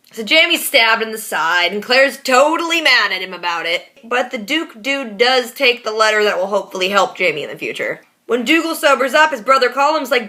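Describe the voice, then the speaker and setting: Female vlogger, sarcastic slangy recap, bright and a bit high. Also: animated, a little fast. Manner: sarcastic, playful, talks back at the screen. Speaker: reaction vlogger. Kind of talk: casual slangy episode recap.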